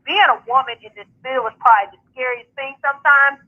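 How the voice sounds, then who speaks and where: A woman's voice: sits high, fairly quick. A woman calling in to a radio show, chatting casually and upbeat about her sports media work. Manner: upbeat, talks in long runs with fillers. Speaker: founder and host of a sports media outlet, radio guest. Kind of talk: casual radio call-in chat. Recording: phone line call-in.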